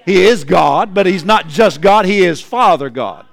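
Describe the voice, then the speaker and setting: A male pastor preaching a sermon, calling out to his congregation and building repeated refrains into shouts. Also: sits high, expressive, unhurried, vocal fry, no echo. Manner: calls out to the congregation.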